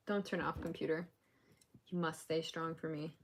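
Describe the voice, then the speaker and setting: A woman's voice: low-pitched, fairly even intonation, moderate pace, a little hiss or hum. A woman on a casual crochet live stream, counting stitches aloud and laughing between lines as she chats to viewers.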